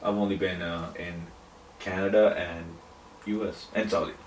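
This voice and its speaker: A man's voice: sits low, steady tone, recorded from a distance. Give me a laid-back, profane male podcast host in a roomy space. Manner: loose and profane, quick to laugh. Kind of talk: casual chat. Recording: roomy and off-mic, faint noise.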